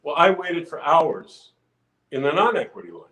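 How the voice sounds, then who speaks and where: A man's voice: a little high, moderate pace, echoey room, poor audio. Older man telling a show-business story. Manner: animated anecdote telling with restarts and acted-out quotes. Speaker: podcast guest. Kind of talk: casual storytelling.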